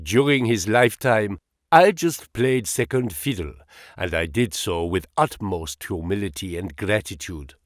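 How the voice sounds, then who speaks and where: A man voicing an elderly German gentleman who speaks earnest, humble English with a German accent in a low, grave tone. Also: expressive, measured pace, dry recording, clean studio sound. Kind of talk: audiobook character voice.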